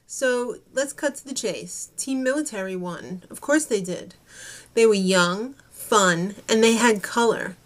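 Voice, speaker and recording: A young woman recapping a reality competition show in a casual, gossipy way, tossing out snarky asides. Her voice sits a little high for a woman. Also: measured pace.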